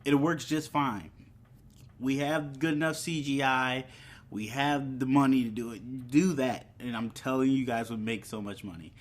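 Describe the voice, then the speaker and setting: A man's voice: mid-range voice, fairly even intonation, normal speed. A man hosting his own channel, giving a casual, rambling movie review with many ums and restarts.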